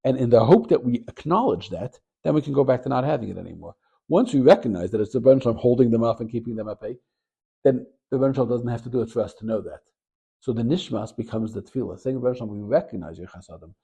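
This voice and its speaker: A man, a rabbi and Torah teacher, giving a short Torah talk as an animated storyteller. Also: fast, creaky, husky, lo-fi sound. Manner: animated storyteller, gets louder and higher at the story's peak.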